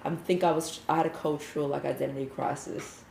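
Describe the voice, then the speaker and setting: A woman's voice: deep voice, fast talker, creaky. A woman co-hosting a podcast, telling stories animatedly with frequent laughter, recorded in an echoey room with faint noise. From Australia. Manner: animated storyteller, laughs often. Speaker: podcast co-host. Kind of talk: casual chat.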